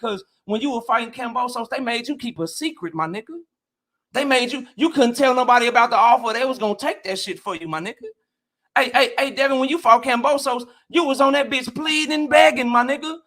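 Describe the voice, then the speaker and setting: A man's voice: very high voice, fairly quick, bright, forceful tone. A man in a boxing debate on a live stream, ranting heatedly and with a lot of profanity.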